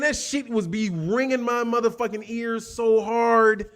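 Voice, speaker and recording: A man's voice: very high-pitched, fairly even intonation, unhurried, hardly any pauses. A man hosting a boxing live stream, rambling and profane in casual chat. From Chicago. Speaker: boxing show host.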